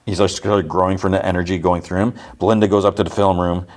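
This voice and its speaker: A man's voice: low voice, little pitch movement, fast, a little mellow. A podcast host, a man, casually recapping a TV episode in a rambling way, full of "like" and restarts.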